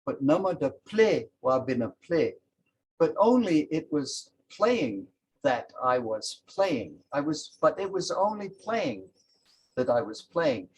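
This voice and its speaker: A man's voice: on the high side, sing-song, slow pace, a little hiss or hum, poor audio. A man voicing a frightened man who protests and insists in a told folk tale. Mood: pleading. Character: frightened man pleading with the devil.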